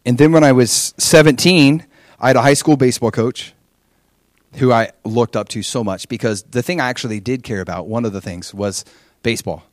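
A man from Hawaii gives his testimony in a sermon, acting out his younger self with lively shifts of voice. He throws in rhetorical questions as he goes. His voice sits at a middling pitch, and the recording is close and dry. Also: a little fast, no echo. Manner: animated storytelling with rhetorical questions. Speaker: preacher sharing his testimony.

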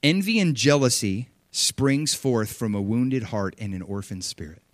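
A man's voice: medium pitch, measured pace, no room sound. A man preaching a sermon, reading scripture aloud and expounding on it with emphatic energy. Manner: animated, emphatic, reads scripture aloud and riffs on it.

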